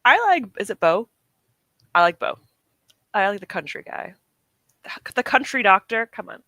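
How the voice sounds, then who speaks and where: A woman's voice: medium pitch, animated, normal speed, bright, forceful tone, dry recording. A young woman from the UK chatting casually with her stream chat, rambling, laughing often and correcting herself. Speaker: streamer reading chat comments.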